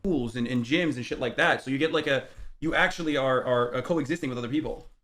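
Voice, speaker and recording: A man in his thirties talking politics in a fast, emphatic way, with a lot of swearing. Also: medium pitch, a bit bright. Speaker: streamer. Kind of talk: casual political chat.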